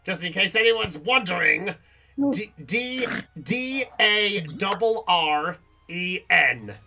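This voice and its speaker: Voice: mid-range voice, slow pace, creaky, a little hiss or hum, low-quality recording. A game master narrating a tabletop game on stream, rambling and correcting themself. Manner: rambling, self-correcting, animated.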